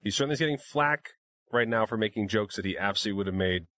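A man co-hosting a podcast in casual chat, agreeable and quick to chime in with assent. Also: lowish voice, sharp tone, dry recording. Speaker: podcast co-host.

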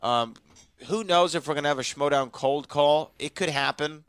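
Male podcast host, nasal and playful, slightly high, dry close sound. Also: normal speed, a bit bright, smooth, dry recording. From Houston, Texas. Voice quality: nasal from allergies. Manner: playful, teasing, trails off into mumbles. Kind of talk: casual chat.

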